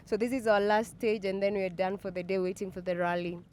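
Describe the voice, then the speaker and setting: A woman's voice: medium pitch, steady tone, quick pace, a little mellow. A woman, an amateur rally driver, answering interview questions in a cheerful, upbeat way.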